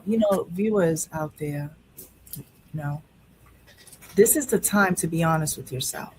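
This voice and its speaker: A woman's voice: low voice, unhurried, a little mellow, slight background noise, low-quality recording. A woman hosting a live talk show, speaking candidly and emotionally about grief, rambling with many restarts. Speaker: show host.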